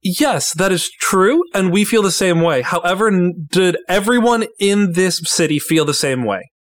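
A woman's voice: fairly low pitch, expressive, normal speed, dry recording, clean studio sound. Hesitant woman tabletop player. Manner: hesitant, repeats words while pleading. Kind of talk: casual tabletop role-play.

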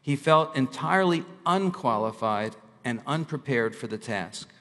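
A man's voice: mid-range voice, lively intonation, a bit bright. Emphatic male preacher in a reverberant hall. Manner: emphatic, slows down to stress key lines. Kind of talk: sermon.

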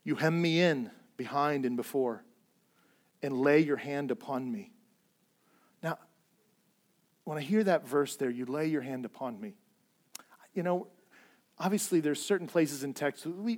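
A middle-aged man preaching a sermon in a conversational way, swinging from loud emphatic lines to hushed, near-whispered quotes. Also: medium pitch, animated, normal speed, pauses often. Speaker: pastor.

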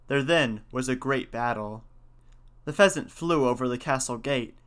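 A man's voice: mid-range voice, normal speed, fairly bright tone, clean tone. A man narrating an old folk tale in a folksy, old-fashioned storybook manner.

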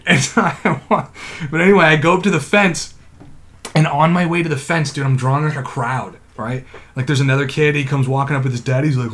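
A man's voice: mid-range voice, fairly even intonation, moderate pace, fairly bright tone. Profane, laughing man telling a story. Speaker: podcast co-host. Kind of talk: casual storytelling chat.

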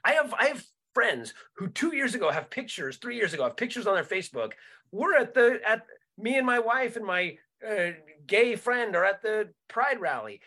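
A man with a noticeably high voice rants through a casual political discussion on a comedy podcast. He swears freely and trips over repeated words as he searches for the right term. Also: very animated, moderate pace, bright, forceful tone. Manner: profane, repeats words while searching for them, restarts often.

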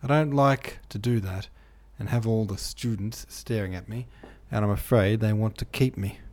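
A man reading aloud and voicing a frightened, ill young woman who speaks hoarsely and pleads. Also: on the low side, moderate pace, darkish tone, close to an everyday voice. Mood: anxious. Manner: clingy, fearful pleading.

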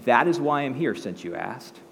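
A man's voice: mid-range voice, big pitch swings, normal speed, gravelly, long reverb tail, a little hiss or hum. A man voicing a complaining, self-pitying male prophet who lectures in an indignant, exasperated way.

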